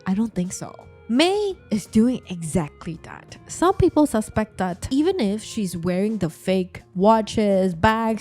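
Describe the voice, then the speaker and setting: Young woman, vlog host, slangy and chatty, warm mellow tone, faint music bed. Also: mid-range voice. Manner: chatty and slangy, addressing viewers directly. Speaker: vlogger. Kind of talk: casual commentary vlog.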